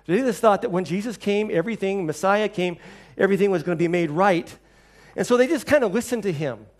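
A middle-aged man preaching a sermon, telling stories and acting out quoted voices with lively shifts. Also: fairly quick. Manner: storytelling, acts out quoted voices with lively shifts in pitch and level. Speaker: pastor.

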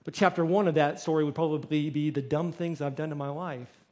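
A middle-aged man, a pastor, preaching a sermon with lively storytelling and acted-out quotes. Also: on the high side, fairly quick. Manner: storytelling, acts out quoted voices.

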